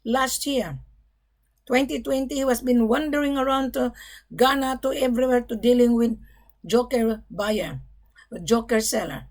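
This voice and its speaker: A woman's voice: on the high side, measured pace, darkish tone. A middle-aged woman gold broker talking to camera in a blunt, emphatic monologue, often swearing "bloody".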